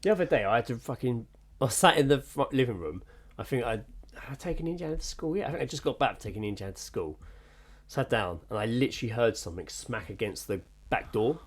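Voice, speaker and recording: Brisk male co-host, quick-fire casual anecdotes, swears freely. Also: mid-range voice, animated, breathy edge. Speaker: podcast co-host. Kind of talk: casual chat.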